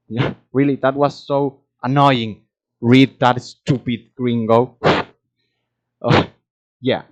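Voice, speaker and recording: Slow, halting man. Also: medium pitch, fairly even intonation. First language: Spanish. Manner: halting, searching for words, many fillers. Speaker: language learner vlogger. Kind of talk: casual solo monologue. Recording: dull lo-fi home recording.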